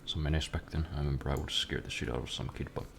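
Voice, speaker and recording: Very deep gravelly young man streaming. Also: fairly even intonation, racing, a bit bright. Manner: rambling, profane, self-deprecating. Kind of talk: casual chat while gaming.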